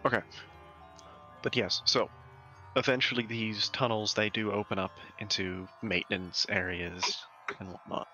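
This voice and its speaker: A man's voice: lowish voice, level tone, a little slow, sharp tone. A man narrating as game master in a tabletop game over a voice call, describing scenes with loose fillers. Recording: dull lo-fi voice-call audio with faint music.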